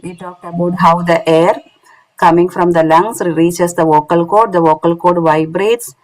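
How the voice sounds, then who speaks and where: A woman with a voice on the low side teaches Quran recitation in an online lesson, speaking English with a non-native accent. The audio is poor, and she explains step by step, often checking in with "isn't it?".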